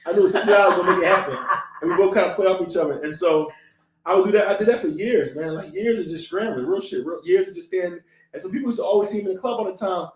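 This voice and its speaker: A man's voice: high voice, fast. A man from Philadelphia hosting a podcast, telling stories in casual chat with lots of swearing and laughter. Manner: animated, profane, laughing storyteller. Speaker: podcast host. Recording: roomy echoey room.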